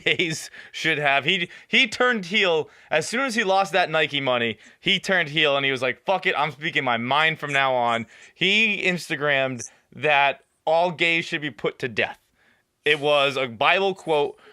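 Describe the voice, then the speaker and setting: A man hosting a casual news rundown, introducing stories with offhand, deadpan segues. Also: on the high side, smooth, dry recording, studio quality. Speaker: show host reading out news items.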